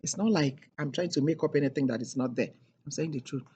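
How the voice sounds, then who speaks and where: A woman's voice: low voice, fast, warm tone, slight background noise. A middle-aged woman telling a personal story in an emphatic, repetitive way, leaning hard on key words. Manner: emphatic and repetitive, with heavy stresses. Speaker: speaker sharing a personal testimony.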